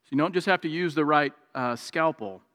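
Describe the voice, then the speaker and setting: A man preaching a sermon, moving between raised, emphatic passages and quiet, confiding stretches. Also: brisk. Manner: preaching with swings from raised intensity to quiet, low confiding tones. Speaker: pastor. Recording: long hall reverb.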